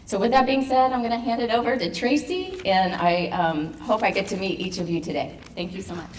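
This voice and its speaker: A woman's voice: medium pitch, a little fast. A woman from an advocacy organization giving earnest, informal welcome remarks at an event. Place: event hall. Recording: echoey hall, distant mic, faint noise.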